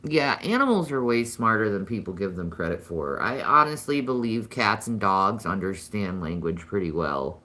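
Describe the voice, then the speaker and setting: A woman's voice: rumbling low, lively intonation, moderate pace, few pauses, bright, forceful tone. A woman chatting casually with viewers on a live stream, answering comments and cooing to her pets now and then.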